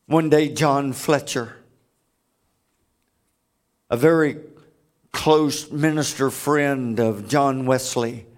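A man's voice: medium pitch, slow, long pauses. A man preaching a sermon, telling stories with emphatic, earnest delivery. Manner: emphatic storytelling.

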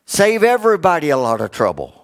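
A middle-aged man preaching a sermon, rising for emphasis and dropping low for joking asides. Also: wildly swooping pitch, fast talker. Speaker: pastor.

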